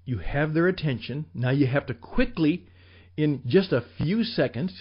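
A man teaching sales on his radio show, his voice rising and falling with lively swings in pitch. He speaks slowly and emphatically, sometimes dropping to a whisper. The recording sounds slightly dull and lo-fi. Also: husky. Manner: emphatic, with dramatic drops to whispers. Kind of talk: animated instructional talk.

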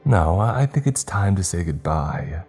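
A man's voice: low-pitched, very animated, a little slow, darkish tone, soft background music, exaggerated voice. A man voicing a scowling woman official who speaks in a clipped, contemptuous way. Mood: cold. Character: cold scowling woman official ending a program.

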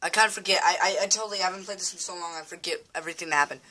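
A woman's voice: on the low side, very fast, pushed and bright. A woman giving casual, blunt gameplay commentary, swearing freely. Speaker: let's play gamer. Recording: game music behind the voice.

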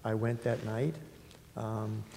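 An older man with a New York accent, an art dealer telling anecdotes in a halting, conversational way with many pauses. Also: lowish voice, monotone, vocal fry, mellow, slight background noise. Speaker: art dealer in public talk. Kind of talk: conversational storytelling talk. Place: lecture hall. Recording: reverberant hall.

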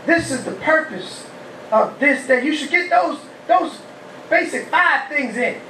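A rabbi gives a lively call-and-response sermon, asking the congregation questions and shouting praise. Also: male voice, very high-pitched, a little slow, a little hiss or hum. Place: humid, warm house of worship. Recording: echoey hall, mic far off.

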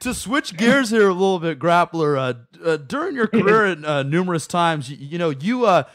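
A man's voice: sits high, sing-song, moderate pace, a bit bright, no room sound, studio quality. A man hosting a podcast, laid-back, laughing along and swearing in casual chat. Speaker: podcast host.

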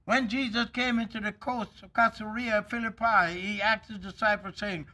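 A man preaching a sermon as an elder, emphatic and drawn out, with sudden loud bursts. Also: high voice, steady tone, normal speed, few pauses.

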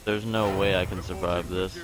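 A man's voice: deep voice, steady tone, moderate pace, over music. A young man commentating his own card game, angry at himself, swearing and grumbling about a loss. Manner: angry, swearing, self-blaming. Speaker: gaming video host. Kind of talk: frustrated gameplay commentary.

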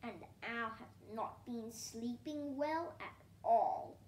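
A woman reading a children's story aloud in a gentle, hushed way that often drops near a whisper. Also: a little high, slow, roomy sound, a little hiss or hum.

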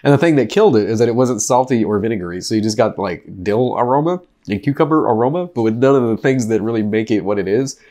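A man talks to his desk mic in a loose, joking way, laughing through his own asides as he reviews a drink. His voice sits at an ordinary pitch, and he is still worn down from eating a painfully hot chip. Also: animated, fast talker, hardly any pauses, dark tone. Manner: joking, rambling, laughs often. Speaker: vlogger reviewing food and drinks. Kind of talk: casual chat to camera.

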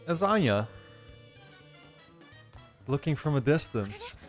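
A man giving casual, excitable reaction commentary on an anime episode, swearing often and breaking into loud laughter. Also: a little high, slow pace, soft background music.

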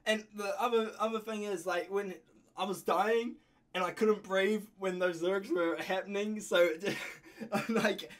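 A man from New Zealand with a New Zealand accent, reacting excitedly to an album while fighting a cold and coughing, gushing and laughing often. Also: high voice, a little slow. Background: music playing faintly.

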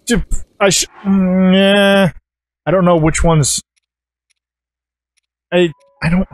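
A man giving rambling, excitable let's play commentary as he plays a game, swearing often. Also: fairly high pitch, a little slow, pauses often, no room sound. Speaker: gaming channel host.

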